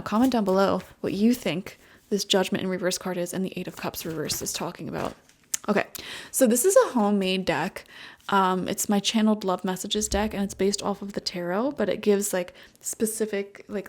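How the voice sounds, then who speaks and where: A young woman giving a casual tarot reading, chatty and full of fillers as she talks to viewers. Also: mid-range voice. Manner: chatty, full of "like" and "you know". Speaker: tarot reader.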